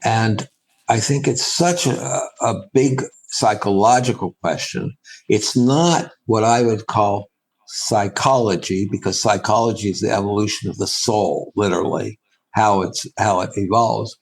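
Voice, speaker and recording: Slow, thoughtful man answering in an interview. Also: lowish voice, low-quality recording. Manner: halting and thoughtful, with frequent restarts and pauses. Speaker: spiritual teacher, interview guest.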